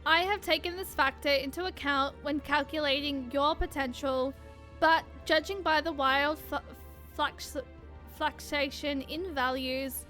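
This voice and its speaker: A cold combat machine speaks in a flat, robotic monotone, as a woman puts it on while reading game dialogue. The tone stays bright and the delivery slow and measured, every word clinical and detached. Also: high-pitched. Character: cold calculating combat machine, analytical, emotionless.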